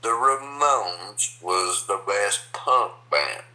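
A man co-hosting a casual podcast, blunt with his opinions and halting, with many restarts. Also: fairly low pitch, expressive, bright, forceful tone, reverberant, poor audio. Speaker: podcast co-host. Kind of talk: casual chat.

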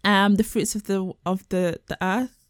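A woman co-hosting a casual podcast chat, bantering and joking in an animated way. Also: medium pitch, measured pace, dry recording, clean studio sound. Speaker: podcast co-host.

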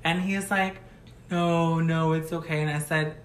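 A woman's voice: low-pitched, steady tone, unhurried. A woman chatting casually as a co-host, chiming in with emphatic comments and laughing. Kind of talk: casual chat.

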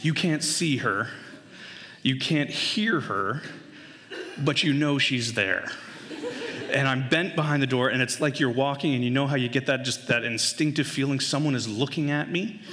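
A man in his thirties telling a humorous family story to an audience, animated, his voice leaping high as he acts out the panic. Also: a little slow, long reverb tail. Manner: animated, voice jumps high when acting out panic.

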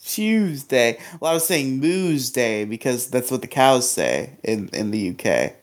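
A man's voice: medium pitch, big pitch swings, a little slow. Laid-back, swearing male podcast co-host. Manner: crude, laughs often, swears freely. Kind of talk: casual podcast chat.

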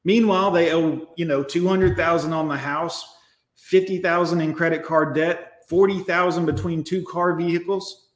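A man with a fairly high voice and fairly even intonation speaks at a moderate pace in an echoey room. Hosting a livestream, he rants bluntly and emphatically, swearing often and addressing his viewers directly.

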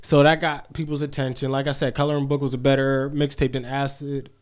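A man's voice: medium pitch, flat delivery, brisk, smooth. A man co-hosting a podcast, talking loosely and with plenty of swearing in a casual chat. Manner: loose and profane, breaks into loud laughter. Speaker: podcast co-host.

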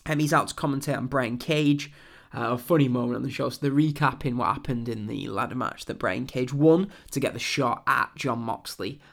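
A man's voice: mid-range voice, brisk, creaky, fairly bright tone. A young English man hosting a wrestling podcast, recapping a show in a chatty, rambling way with lots of ums. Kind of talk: casual show review.

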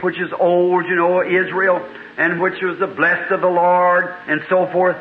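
High-voiced preacher man, fired up and folksy, old echoey 1950s tape that sounds like a phone line. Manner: fervent, folksy storytelling, rising to cries. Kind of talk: revival sermon.

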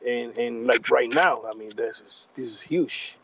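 A man from Puerto Rico, a native Spanish speaker with a Puerto Rican accent, talking in a casual interview in halting, repetitive English. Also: mid-range voice, dull audio, background noise. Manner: halting, repeats words, drops grammar. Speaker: guest.

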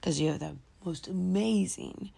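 A woman's voice: lowish voice, measured pace, creaky, mellow, husky. A woman co-hosting a casual talk show, playful and giggly, making up rhymes and silly words. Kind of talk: casual joking chat.

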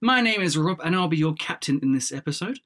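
Bright-voiced man hosting. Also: a little high, lively intonation, fast talker. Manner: playful, teasing, laughs often. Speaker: podcast host. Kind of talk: casual podcast banter.

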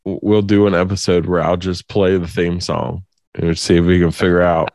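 A man's voice: deep voice, little pitch movement, normal speed, a little mellow, no room sound. A young man in casual podcast chat, laid-back and enthusiastic.

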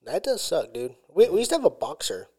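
A man's voice: fairly high pitch, huge pitch swings, brisk, darkish tone, slightly rough. A man co-hosting a podcast in casual chat, laid-back and joking, calling his friend dude. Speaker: podcast co-host.

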